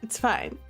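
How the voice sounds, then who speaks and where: In a room at home, a woman streamer chats casually, playful and giggly as she talks to her pets and coaxes them.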